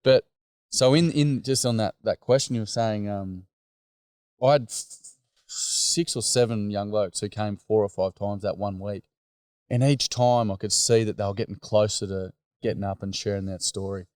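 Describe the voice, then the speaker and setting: An Australian man talks in candid, blokey casual chat about running workshops. His voice sits a little low, and the sound is dry and close with no room around it. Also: steady tone, moderate pace, a little mellow, smooth, no room sound. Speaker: workshop facilitator.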